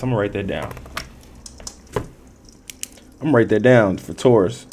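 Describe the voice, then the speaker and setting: A man's voice: medium pitch, expressive, moderate pace, pauses often, darkish tone. A man giving a casual tarot reading, rambling and repeating himself, in loose, profane street slang with frequent laughs. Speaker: tarot reader.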